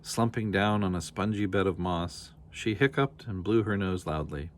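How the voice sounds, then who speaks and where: A man with a low voice reading a children's picture book aloud, calm and measured. Faint noise sits under the reading. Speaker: storybook reader. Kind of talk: read-aloud children's story narration.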